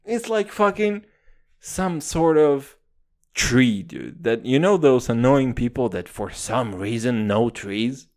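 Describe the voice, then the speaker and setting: A man in his twenties hosts his own podcast, speaking slowly at a medium pitch with lively intonation and a darkish tone. He rambles, swears casually and says "dude" after nearly every phrase.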